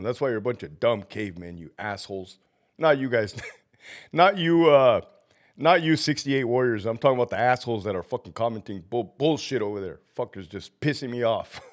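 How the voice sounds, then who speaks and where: A man hosting a casual livestream while sick and feverish, swearing constantly and breaking into laughter between rants. He is a former prison officer who greets viewers by name, then swings into profane tirades at his critics. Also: medium pitch. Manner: profane, ranting, laughing often.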